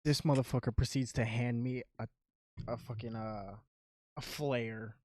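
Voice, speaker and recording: A man's voice: medium pitch, steady tone, unhurried, dry recording, studio quality. A young man co-hosting a podcast, telling stories in a laid-back way and laughing as he goes. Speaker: podcast co-host. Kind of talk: casual storytelling.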